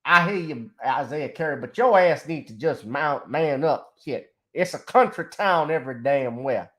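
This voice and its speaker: A man's voice: fairly high pitch, expressive, normal speed, a bit bright. A male talk show host in casual commentary, joking and profane and laughing often.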